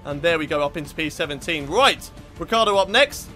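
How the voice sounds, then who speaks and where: Brief: young British gamer guy, high-pitched, sweary and easily riled, live racing commentary over faint game music. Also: animated, brisk. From Britain. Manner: frustrated, sweary, shouts at rival drivers. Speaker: gaming YouTuber.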